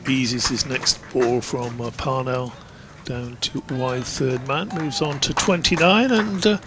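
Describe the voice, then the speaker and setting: A man's voice: medium pitch, takes it slowly, background noise. A man giving live ball-by-ball cricket commentary in a chatty, rambling way, drifting into anecdotes between deliveries.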